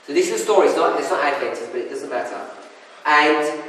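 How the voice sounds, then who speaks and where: A man preaching a sermon, telling a marriage story in an animated way and acting out the people in it. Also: fairly high pitch, fast. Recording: echoey hall, distant mic, faint noise.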